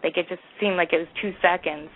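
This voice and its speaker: A woman with a Canadian accent calls in to a talk radio show and tells her story in a chatty, laughing way. Her voice sits a bit low. It comes through a thin, tinny phone line. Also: steady tone, fast talker. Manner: chatty, laughs between phrases. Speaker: caller. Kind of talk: telling a personal story on a call-in show.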